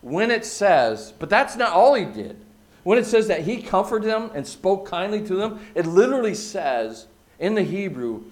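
A man preaching a sermon, using emphatic repetition and dropping from loud, stressed phrases to hushed asides. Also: fairly high pitch. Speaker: pastor.

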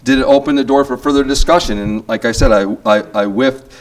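A man's voice: mid-range voice, fairly quick. An older man leading a church group session, talking in a casual, rambling way with restarts and self-deprecating asides.

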